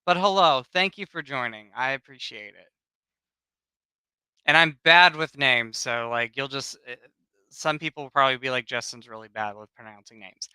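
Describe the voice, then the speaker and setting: Bright, smooth-voiced man hosting a livestream. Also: medium pitch, normal speed, no room sound, low-quality recording. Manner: affectionate, chatty, greets viewers by name. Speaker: livestream host. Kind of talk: casual chat.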